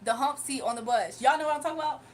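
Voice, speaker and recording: Young woman streamer, high-pitched, chatty animated storyteller, casual asides to the chat. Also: racing, recorded from a distance, slight background noise, low-quality recording. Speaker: livestreamer.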